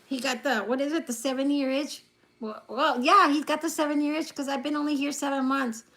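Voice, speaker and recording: Woman livestream host with a high voice, playful and teasing with viewers, laughing often, phone on a table. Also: steady tone, brisk, a bit bright. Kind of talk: casual livestream chat with viewers. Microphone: phone lying on a table.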